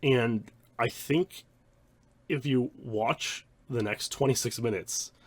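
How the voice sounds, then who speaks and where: A man's voice: medium pitch, slow, husky, dry recording. A man, a speedrunner, giving rambling, reflective commentary on his own old streams. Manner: rambling, many restarts and "like" fillers.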